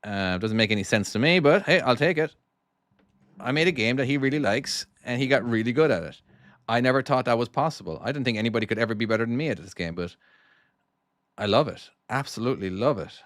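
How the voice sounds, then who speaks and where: Middle-aged guy w a faded irish lilt rambling thru a game stream, medium pitch, dry close sound. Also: lively intonation, quick pace, fairly bright tone, dry recording. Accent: Irish, softened by years in the US. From Ireland. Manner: rambling and chatty, talking to chat while driving. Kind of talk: casual live-stream commentary while playing.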